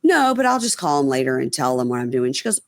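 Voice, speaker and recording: A woman's voice: extremely low pitch, very animated, fast, no room sound, studio quality. A woman hosting a casual podcast, recapping a reality episode and acting out people's lines, with frequent ums and swearing. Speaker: podcast host.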